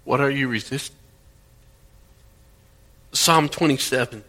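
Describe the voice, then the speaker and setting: A middle-aged man from Indiana preaching a sermon, reading psalms aloud in an earnest way that swings between quiet and loud. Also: medium pitch, normal speed, pauses often. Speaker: pastor. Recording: faint mains hum. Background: faint mains hum.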